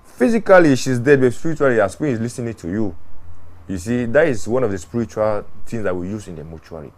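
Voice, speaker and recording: A man from Ghana who works at a mortuary tells stories of his experiences in an interview. He's earnest and animated, often repeating words and restarting phrases, speaking quickly at a medium pitch.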